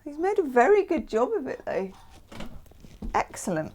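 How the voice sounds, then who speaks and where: A woman's voice: high-pitched, big pitch swings, moderate pace, a little mellow, slight background noise. A woman from the UK hosting a casual tarot reading, chatting with self-mocking asides. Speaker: tarot reader.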